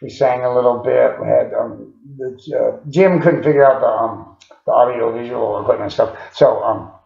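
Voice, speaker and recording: A man with a gravelly voice tells a personal story in a loose, rambling way, padding it with fillers and small chuckles. His pitch sits in an ordinary middle range. The recording is echoey and dull, with a lo-fi sound. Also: moderate pace.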